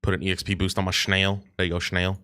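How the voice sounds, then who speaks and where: A young man chatting on a casual livestream, swearing freely and bantering in an animated way. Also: low voice, fast talker. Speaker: streamer.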